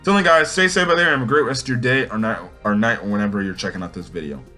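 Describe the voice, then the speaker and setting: Bright-voiced young man reviewing manga. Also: mid-range voice, very fast, soft background music. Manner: casual, many fillers and restarts. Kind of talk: casual spoken review.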